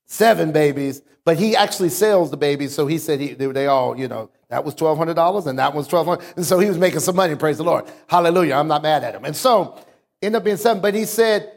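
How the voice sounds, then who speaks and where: High-voiced preaching man. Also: lively intonation, vocal fry. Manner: preaching with call-outs to the congregation; swings from low explaining talk to raised, drawn-out emphasis. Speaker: pastor. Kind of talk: sermon.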